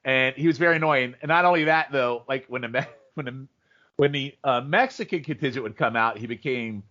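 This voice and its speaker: A man co-hosting a podcast, telling stories in animated, rambling casual chat and jumping into goofy impressions. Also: mid-range voice, fairly quick. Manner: animated storyteller, mimics people in funny voices. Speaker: podcast co-host. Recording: dull lo-fi audio.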